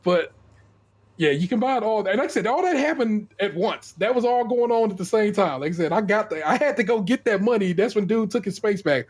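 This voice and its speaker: A man's voice: high-pitched, lively intonation, fairly quick, husky. A middle-aged man on a podcast, casually telling a profane story and acting out the people in it. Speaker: podcast co-host.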